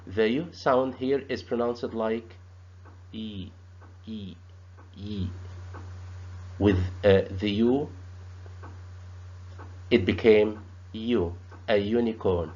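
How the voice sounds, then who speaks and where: Male teacher, halting, repeats sounds, slow delivery, low voice, dull lo-fi recording. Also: darkish tone. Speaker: English teacher. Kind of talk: grammar lesson.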